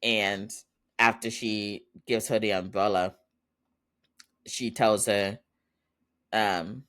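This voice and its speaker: A man's voice: fairly low pitch, fairly even intonation, slow, fairly bright tone. A man hosting a podcast, casually recapping a TV episode in a chatty way and laughing often as he retells it. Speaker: podcast host.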